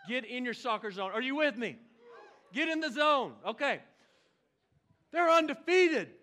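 A man, preaching a lively sermon with exclamations and playful asides. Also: extremely high pitch, unhurried. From Oklahoma. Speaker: pastor.

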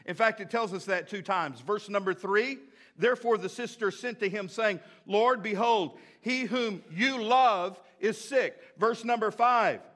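A man preaching a sermon as pastor, repeating key phrases and swinging between loud emphasis and hushed moments. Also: sits high. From United States.

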